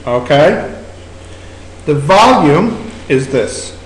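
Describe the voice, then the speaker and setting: Irish male maths tutor, quizzing students as he goes; high voice, roomy classroom sound with slight hiss. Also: sing-song, drawn-out words. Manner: questioning, prompting students step by step. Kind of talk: working through exam questions with students. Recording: echoey room recording with background noise.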